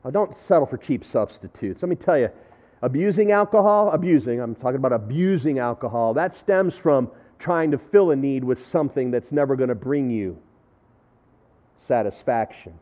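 A man preaching a sermon, telling a story in a conversational, self-deprecating way and swinging between loud and hushed. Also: mid-range voice, animated, moderate pace. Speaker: pastor. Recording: thin phone-like audio.

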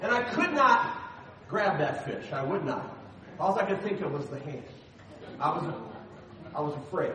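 A middle-aged man preaching a sermon as the pastor, telling personal stories with animated, self-deprecating humor. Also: on the high side, unhurried, pauses often, heavy reverb, distant mic, a crowd in the background, low-quality recording.

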